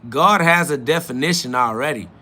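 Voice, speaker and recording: Pitched on the high side with a sharp tone and moderate pace, this livestream podcast host reads out viewers' chat messages and fires back with mockery, profanity and confrontation.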